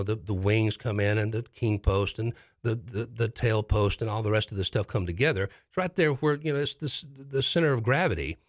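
A man telling a story in casual chat, rambling and halting with many restarts. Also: medium pitch, no room sound, clean studio sound. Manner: animated storyteller.

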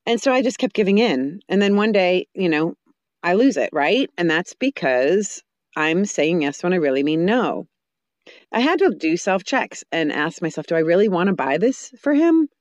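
A woman talking through parenting advice in a lively, up-and-down voice that jumps high when she acts out a fussing parent. She restarts her sentences often and speaks in a dry, close sound. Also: no echo. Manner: animated, acts out parents and children in quick voices; frequent restarts and fillers. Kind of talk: casual advice monologue.

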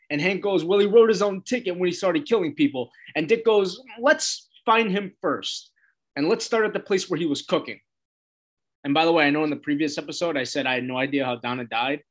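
A man giving a casual, loose recap of a TV episode, retelling scenes and quoting the characters with lots of "he's like" as he goes. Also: fairly high pitch.

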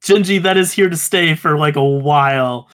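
A man co-hosting a casual podcast, his voice sitting a little high. He talks in animated bursts, swears often and breaks into laughs. His delivery is loose and conversational. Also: moderate pace. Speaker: podcast co-host.

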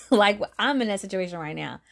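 A woman's voice: medium pitch, expressive, normal speed, gravelly. A woman in her thirties hosting a podcast, telling a faith story in a casual, earnest way, often laughing and repeating phrases for emphasis. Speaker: podcast host giving a devotional talk.

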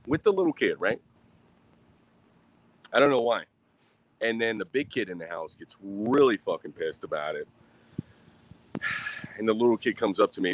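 Man, mid-thirties, low voice, rambling casual vlog talk over beer, swears freely, sighs between thoughts. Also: animated, normal speed, long pauses, fairly bright tone. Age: 30s. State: drinking beer.

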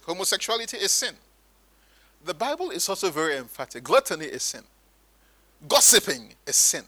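A man preaching a sermon, animated and sometimes mimicking churchgoers in higher voices. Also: no room sound, low-quality recording.

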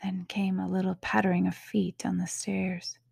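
A woman reading a storybook aloud in an unhurried, soft-spoken way, sometimes dropping to a whisper. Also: on the low side, monotone, creaky, husky, no room sound, clean studio sound. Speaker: podcast reader.

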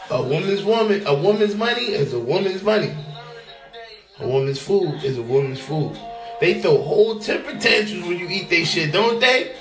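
A young man hosting a casual solo podcast, talking in a profane, animated way and laughing often. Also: high-pitched, echoey room. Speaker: podcast host.

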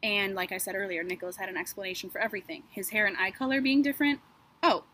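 Husky-voiced woman telling a true-crime story. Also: mid-range voice, steady tone, rapid-fire, fairly bright tone. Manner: chatty and sarcastic, many fillers and asides. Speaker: podcast co-host.

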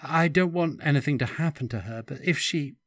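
A man's voice: a little high, fairly quick, dry recording, pitched above the performer's own voice, natural voice. A man voicing a frightened young man, raising his voice in panic and horror. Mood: agitated. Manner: panicky, rising and loud.

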